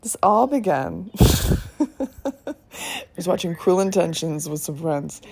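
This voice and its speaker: A woman in her thirties reviewing a film in a phone voice memo, talking in an excited, rambling way and swearing often. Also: fairly low pitch, slow pace, creaky, slightly rough. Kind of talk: casual voice memo rant.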